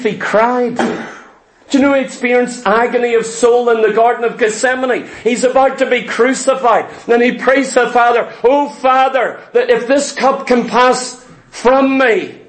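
A man's voice: very high voice, echoey room. A man preaching a fervent sermon, asking his congregation question after question and repeating words as he presses his points.

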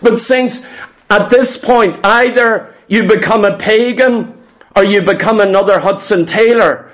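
A man's voice: sits high, unhurried, fairly bright tone. A man preaching a sermon to his congregation. He speaks with emphasis, repeats himself, and keeps asking rhetorical questions. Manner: emphatic and repetitive, often asks "do you know what".

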